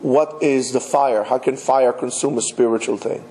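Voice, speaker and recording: A rabbi teaches with emphasis, addressing his listeners directly and posing rhetorical questions. His medium-pitched voice is warm, fairly even in intonation, and at normal speed, captured on a low-quality recording.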